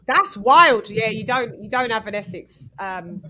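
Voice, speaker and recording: A bright, fairly high-pitched woman runs a casual chat panel. She presses her guests with quick questions and argues her point firmly, often talking over them. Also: animated, a little hiss or hum, rough recording. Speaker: host of a boxing panel show.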